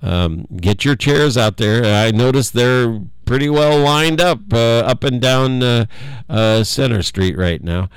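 An older man giving a rambling, folksy local monologue, halting with many fillers and frequent chuckles. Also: medium pitch, smooth, no echo.

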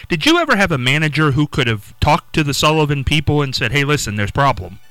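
Guy interviewer, dry close sound, kinda halting questions w repeated words. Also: on the high side, big pitch swings, a bit bright, clean tone, no room sound, faint music behind.

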